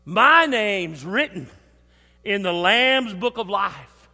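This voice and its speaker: An older man preaching a sermon in a church, emphatic, with swings between loud and soft. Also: sits high, big pitch swings, takes it slowly. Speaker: pastor. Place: church sanctuary. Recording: long hall reverb.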